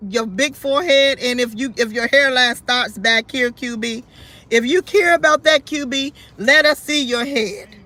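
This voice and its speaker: Blunt, scolding woman with a very high, bright voice. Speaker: YouTube channel host. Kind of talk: commentary vlog addressing other creators.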